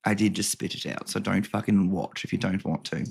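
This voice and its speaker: A man hosts a casual home vlog, rambling, joking and swearing plenty as he chats and reads aloud. His low voice is steady, brisk, gravelly and husky, with a slightly mellow quality.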